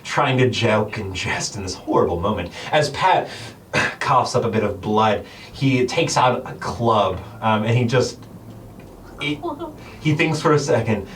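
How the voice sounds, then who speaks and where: A man's voice: on the low side, lively intonation, measured pace, a bit bright, slight background noise. A man narrating as game master of a tabletop game, describing the action with many fillers and small laughs. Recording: distant mic with background music.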